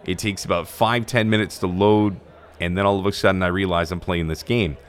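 Speaking briskly, a man with a fairly low voice shares an anecdote from his years announcing at rinks and broadcasting in stadiums. His casual, animated delivery has the smooth ease of a practiced mic voice.

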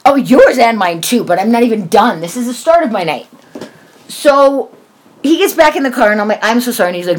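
A woman's voice: a little high, a little fast, slight background noise. A woman in her forties telling a story in casual chat, swearing often and acting out what people said. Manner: animated, swears often, acts out quoted voices.

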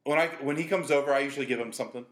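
A man's voice: mid-range voice, rapid-fire, reverberant. Teasing, joking man in casual chat. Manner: joking, teasing, laughs often, swears casually. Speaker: podcast co-host.

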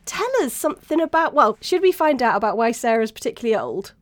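A woman's voice: on the high side, big pitch swings, no echo, clean studio sound. A middle-aged woman hosting a podcast, chatting in a playful, jokey way. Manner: playful, jokey, quick to laugh. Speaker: podcast host. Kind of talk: casual chat.

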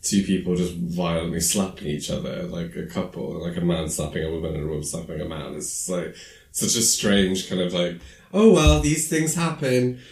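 Deep-voiced man rambling through a film recap. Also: fairly even intonation, a little fast, roomy sound. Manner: rambling, filler-heavy storytelling; acts out quoted lines in high squeaky voices. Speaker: podcast co-host recapping a film. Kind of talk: casual chat.

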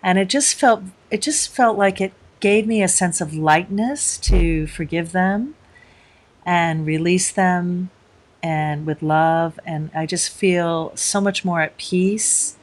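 A woman hosting a podcast interview, speaking gently with frequent hesitations. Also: fairly low pitch, slow. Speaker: host.

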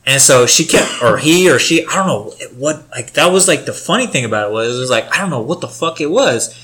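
Bright-voiced profane young man rambling. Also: mid-range voice, lively intonation, a little fast. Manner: rambling, profane, heavy filler words. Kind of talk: casual storytelling chat.

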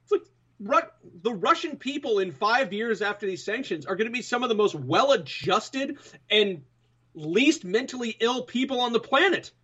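High-voiced husky man, muffled mic. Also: expressive, normal speed, sharp tone. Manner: emphatic, building an argument at length. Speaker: co-host. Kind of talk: political talk show commentary.

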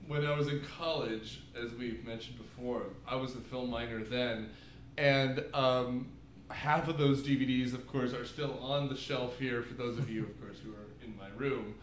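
A man co-hosting a casual movie podcast from his room, talking in a rambling, jokey, animated way with lots of asides. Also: mid-range voice, moderate pace, reverberant, slight background noise. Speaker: podcast co-host. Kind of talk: casual movie recap chat. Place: home room with DVD shelf.

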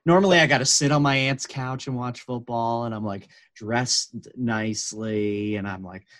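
A young man trading casual sports banter on a podcast, playful and easily excited, with plenty of "like" in his talk. His voice sits at an ordinary middle pitch. The sound is close and dry. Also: normal speed, no room sound. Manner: excitable, playful, lots of fillers. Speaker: podcast co-host.

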